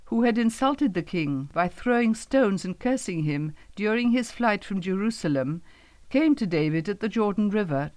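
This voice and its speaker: A woman reading a Bible story as a scripted narration in a measured storytelling manner. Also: mid-range voice, dry recording. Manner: measured storytelling, quotes read in her own voice.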